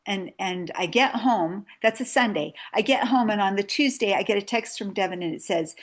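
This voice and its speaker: A woman's voice: medium pitch, moderate pace, few pauses. A middle-aged woman giving an earnest, conversational testimonial speech to an audience, speaking directly to her listeners. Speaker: sales agent giving a testimonial.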